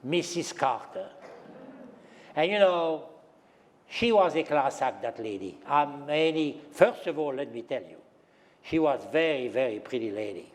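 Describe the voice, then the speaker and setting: A man's voice: fairly high pitch, expressive, measured pace. A man in his seventies with a French accent, a retired pastry chef telling anecdotes on stage, chuckling often and speaking with non-native grammar. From France. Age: 70s.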